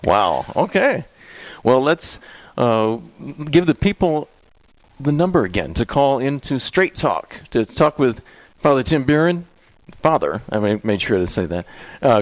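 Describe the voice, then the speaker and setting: A man co-hosting a Catholic radio talk show, giving the call-in number in a relaxed way. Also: medium pitch, no echo. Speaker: radio co-host. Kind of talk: casual radio chat.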